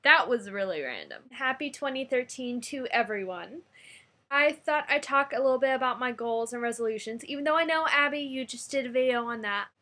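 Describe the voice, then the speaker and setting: A young American woman talks casually to her camera, bubbly and chatty. Her voice sits a little high and rings bright and sharp, and her volume rises and falls as she talks. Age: young adult. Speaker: vlogger. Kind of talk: casual vlog chat.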